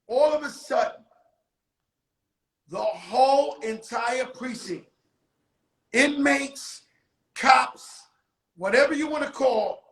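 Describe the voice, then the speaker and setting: High-pitched, animated New man. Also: takes it slowly, long pauses, echoey room, rough recording. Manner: animated, acts out quotes loudly; profane street talk. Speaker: show host. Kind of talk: casual storytelling.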